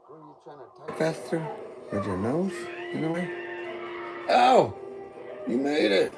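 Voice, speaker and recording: A man high on weed, rambling goofily in a meandering monologue addressed to God. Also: expressive, normal speed, creaky, over music. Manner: goofy, meandering, talks to God. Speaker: vlogger. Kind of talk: rambling stream-of-consciousness monologue.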